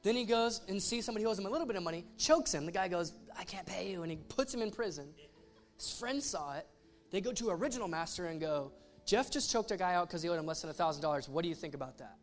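High-voiced man preaching a casual sermon. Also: fast talker, soft background music. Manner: animated storytelling with voiced asides. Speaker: pastor.

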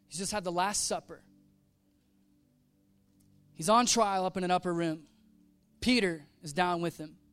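A man's voice: high-pitched, clear, resonant tone, dry recording. A man preaching a sermon, telling a story with casual slang and acting out the quoted voices. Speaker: pastor.

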